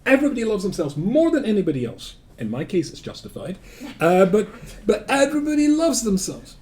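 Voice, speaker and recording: A man's voice: high-pitched, a little fast. An older man with a Scottish accent, a rabbi giving a lecture and telling stories with dry humor. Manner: animated storytelling with humor and asides.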